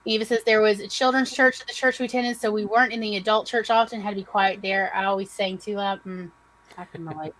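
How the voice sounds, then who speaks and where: A chatty woman with a Southern American accent co-hosts a casual livestream, reading viewers' comments aloud and adding her own asides. Her voice sits a little high for a woman. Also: fairly bright tone, poor audio. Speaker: podcast co-host.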